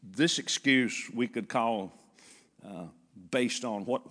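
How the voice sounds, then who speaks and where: An older man preaching a sermon as pastor, retelling a story with lively repetition. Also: mid-range voice, slow, big-room sound. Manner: animated storytelling with repeated phrases. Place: church.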